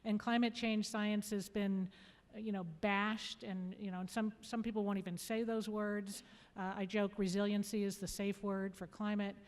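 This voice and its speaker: A woman's voice: mid-range voice, flat delivery, normal speed. A woman speaking on a workshop panel in a conversational way, with asides. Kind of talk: panel discussion. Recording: long reverb of a large hall.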